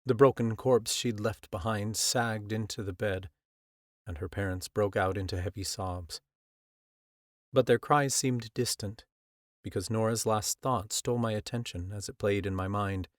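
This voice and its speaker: A man narrating a first-person audiobook in a measured, earnest storytelling manner, close to the mic. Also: on the low side, no room sound. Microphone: close studio mic.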